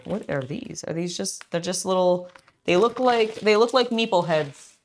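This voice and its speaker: A tired young woman chatting casually on a live stream while building, scattered and excitable. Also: fairly low pitch, moderate pace, a little hiss or hum. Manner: scattered, excitable, self-talking. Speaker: streamer building a LEGO set.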